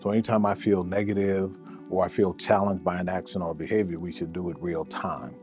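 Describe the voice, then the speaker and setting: A male therapist giving relationship advice in a measured way, often repeating words as he thinks. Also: sits low, flat delivery, over music. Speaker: therapist answering a listener question. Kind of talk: advice talk to camera.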